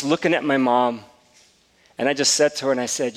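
A man's voice: medium pitch, steady tone, fast, long pauses. Guy pastor preaching, personal story, voice ringing round a big hall. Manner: personal, confessional storytelling with quoted dialogue. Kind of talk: sermon storytelling. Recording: long reverb of a large room.

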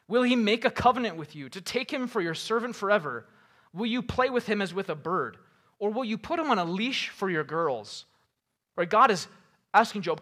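A man delivers a sermon in a high, bright voice. He reads scripture aloud, then breaks into casual paraphrase. His emphasis climbs on each rhetorical question. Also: expressive, moderate pace. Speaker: pastor.

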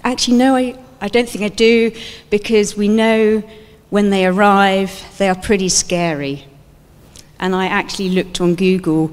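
A woman giving a sermon-like talk at a church event, telling stories in an animated way and acting out scenes. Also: fairly high pitch, normal speed. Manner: animated storytelling, acts out scenes. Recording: long hall reverb.

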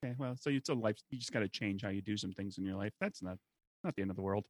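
A man's voice: on the low side, very fast, dry recording. A man co-hosting a podcast in casual chat, joking around and spinning out absurd ideas. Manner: jokey, riffs on absurd ideas. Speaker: podcast co-host.

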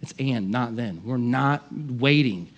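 A man preaching a sermon as pastor, impassioned, swinging from loud emphatic lines to quiet asides. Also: medium pitch, takes it slowly, highs cut off.

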